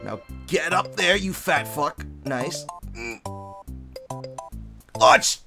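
Streamer, live gameplay commentary, frustrated swearing, pleading, very lively pitch, bright tense tone. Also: extremely slow, faint music behind. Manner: frustrated, swearing, yelling at the game; pleading and coaxing between outbursts.

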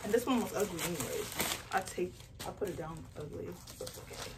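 A young woman chatting casually to her phone camera while packing orders, telling a story in an animated way with lots of "like". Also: on the low side, brisk, far from the mic, heavy background noise. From Nigerian heritage. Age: young adult. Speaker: small business owner vlogger.

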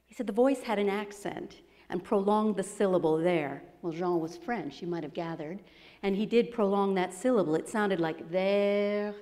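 Brief: woman speaker, warm mellow tone, lively storyteller, long hall reverb. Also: mid-range voice, normal speed. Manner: animated, acts out quoted voices. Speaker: speaker presenting her book. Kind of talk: storytelling talk to an audience. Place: expo presentation hall.

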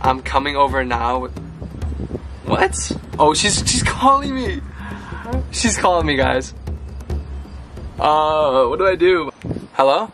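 A young man excitedly talking viewers through a prank in a casual vlog. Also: a little high, slow pace, pauses often, over music. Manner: excitable, chatty, narrating to viewers. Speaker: vlogger. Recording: audible background noise.

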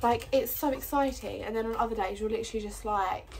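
A woman's voice: mid-range voice, fairly even intonation, a little fast, darkish tone. A young woman casually vlogging her home renovation, chatty and full of "um" and "like". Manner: chatty, lots of "um" and "like". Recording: noisy home video.

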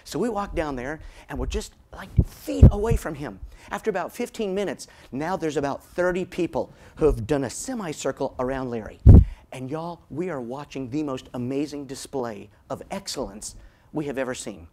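A man's voice: fairly high pitch, background noise. Guy doing a motivational keynote story, voice swoops up and down, drags out the big moments. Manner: animated storytelling with dramatic slowdowns. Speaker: motivational speaker.

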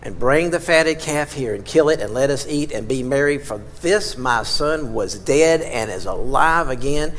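A preacher voicing a joyful, generous old father who welcomes his returning son with loud, emphatic commands. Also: medium pitch, animated, normal speed, few pauses, lightly acted. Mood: overjoyed. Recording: long reverb in a large hall.

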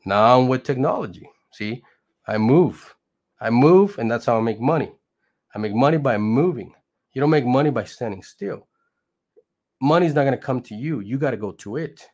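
A man's voice: medium pitch, animated, fairly quick, darkish tone. Middle-aged man, blue-collar crypto vlogger, profane and pushy, casual rant. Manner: profane, brash, hype-driven, laughs mid-sentence. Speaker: crypto channel host. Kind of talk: casual motivational rant to camera.

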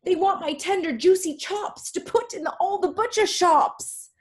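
A woman's voice: extremely high pitch, measured pace, voice pushed up. A woman voicing a clever, brooding male pig in a put-on British accent, reading a poem aloud dramatically over a video call. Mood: horrified. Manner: dramatic, rising storybook delivery.

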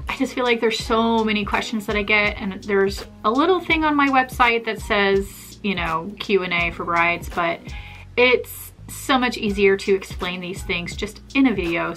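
Chatty young woman vlogging about her makeup work, bright tone, soft music under. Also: medium pitch. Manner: chatty, bubbly, fast-talking. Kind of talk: casual vlog chat.

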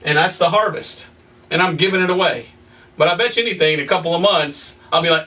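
A male evangelist teaching a sermon in a folksy, animated way, reading scripture and telling homey stories with excited exclamations. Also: on the high side, fast, distant mic.

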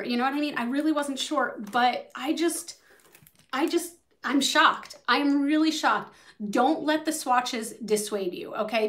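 A young adult woman beauty vlogger chatting casually through a makeup tutorial, bubbly and swearing freely as she talks to her viewers. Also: fairly high pitch.

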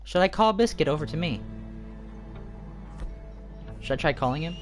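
Let's play host: panicky, excitable, big swings in pitch, quiet game music underneath. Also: moderate pace. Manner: excitable, shrieks and panicked outbursts. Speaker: gaming video host.

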